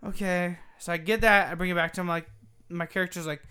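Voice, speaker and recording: A man's voice: a little high, fast talker, smooth. A man co-hosting a gaming podcast, telling a long story in casual chat, swearing freely and acting out quotes as he goes. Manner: profane, animated storytelling with acted quotes. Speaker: podcast co-host.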